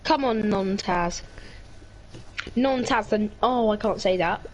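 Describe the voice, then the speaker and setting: A woman co-commentating a sim race live, excitable, cheering drivers on and gasping at close finishes. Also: mid-range voice, slow pace, a little hiss or hum.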